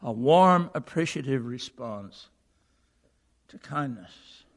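A male pastor giving a sermon, moving from a lively recited poem into earnest preaching in a church auditorium. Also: medium pitch, slow pace, creaky. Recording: long reverb of a large hall.

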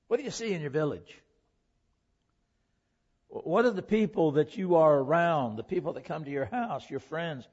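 A man delivers a church sermon, leaning on rhetorical questions and shifting emphasis. His voice sits a little high for a man. The recording sounds dull and lo-fi. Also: sing-song, a little fast, slightly rough. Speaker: preacher.

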